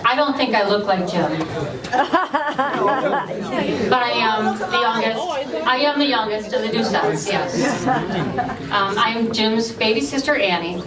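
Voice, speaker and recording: A woman, the youngest sister, giving a halting, self-deprecating memorial speech with fillers. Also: a little high, animated, recorded from a distance. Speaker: family member giving a eulogy. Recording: roomy hall, mic from afar, crowd.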